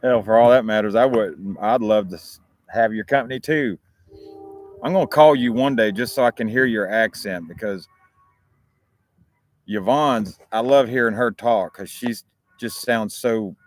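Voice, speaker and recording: A man with an American accent, hosting a talk show and chatting casually to his viewers in a rambling, profane way. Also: fairly low pitch. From United States.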